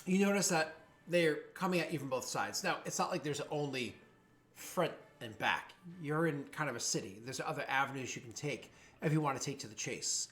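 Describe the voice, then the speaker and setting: Male game master, slightly higher voice, rambling casual narration, drops into raised jeering voices for thugs. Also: lively intonation, fairly quick, fairly bright tone, faint music behind. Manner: rambling, many fillers and restarts.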